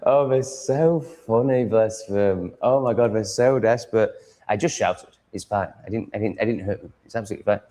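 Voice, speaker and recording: A man's voice: lowish voice, moderate pace, warm tone. A man with an English accent chatting with his livestream audience from home, blunt, profane and ranting. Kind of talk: casual livestream chat. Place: home room with cats.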